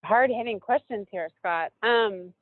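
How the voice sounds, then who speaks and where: A woman guest talking about her career in a loose, unhurried way, stopping often with ums to find the right words. Her voice comes through a thin, phone-like line with a dry, close sound. She speaks at a middling pitch. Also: dry recording. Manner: thoughtful, searching for words with many fillers. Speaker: professional skier guest. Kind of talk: casual interview conversation.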